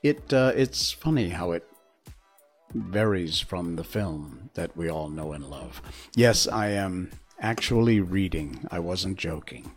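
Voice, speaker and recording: Slow-reading low-voiced male streamer. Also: animated, slightly rough, faint music behind. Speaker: streamer reading a book aloud. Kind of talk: storybook narration and casual stream chat.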